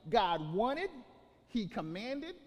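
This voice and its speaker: High-voiced pastor preaching in a reverberant hall. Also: male voice, very animated, very slow. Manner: preaching with rising emphatic bursts and many restarts. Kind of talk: sermon.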